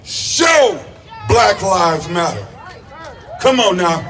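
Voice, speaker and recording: Rally speaker, male: high voice, slow and deliberate delivery, chant-leading, recorded from a distance over a loud crowd. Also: sing-song. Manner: preacher-like, rhythmic chanting, crowd-rousing. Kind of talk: call-and-response protest speech. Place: outdoor protest rally.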